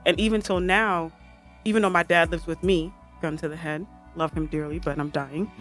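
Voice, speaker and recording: A woman guest telling family stories on a podcast in an animated, humorous way. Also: fairly low pitch, moderate pace, soft background music. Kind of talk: casual podcast chat.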